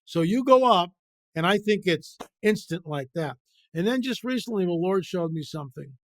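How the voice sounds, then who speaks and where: A man's voice: high voice, expressive, moderate pace, no room sound, clean studio sound. A man speaking as a guest researcher in an interview, emphatic and repetitive, firing off rhetorical questions with passionate conviction. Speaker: guest author and biblical researcher. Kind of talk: impassioned interview talk.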